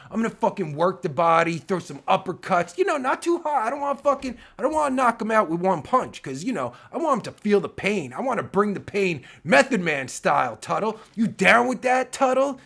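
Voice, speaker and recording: Gravelly, animated man ranting with swearing. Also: sits high. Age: 40s. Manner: loose, rambling, heavy swearing, keeps breaking off mid-sentence. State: losing his voice. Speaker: online video creator. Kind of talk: profane rant to camera.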